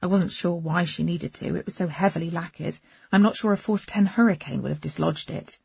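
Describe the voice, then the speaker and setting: A woman's voice: lowish voice, fairly quick, vocal fry, a little mellow, husky. A woman reading a first-person novel aloud with wry, understated delivery, on a dull, muffled recording. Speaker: audiobook narrator.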